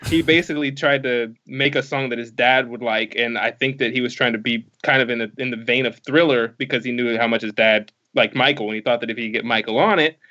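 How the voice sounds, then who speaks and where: A man co-hosting a podcast, chatting casually and tripping over his words as he rambles on. His voice sits at an ordinary middle pitch. The audio comes through slightly muffled. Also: steady tone, quick pace, hardly any pauses, bright, forceful tone. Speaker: podcast co-host.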